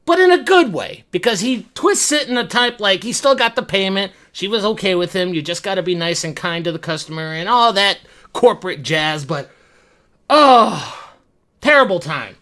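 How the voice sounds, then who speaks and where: A man's voice: high voice, expressive, a little fast, pushed and bright. A man telling a story to his viewers in a casual, self-deprecating way, rambling and stumbling over restarts. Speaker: vlogger.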